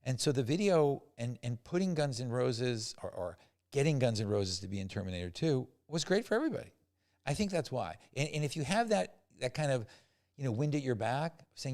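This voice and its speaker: An older man, a film producer, telling animated anecdotes as a podcast guest and acting out the quotes. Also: medium pitch, brisk. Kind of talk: storytelling in a podcast interview.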